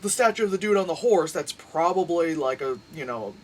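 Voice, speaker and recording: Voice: mid-range voice, expressive, brisk, distant mic. A movie reviewer ranting casually about a film, swearing freely and rambling through fillers and restarts.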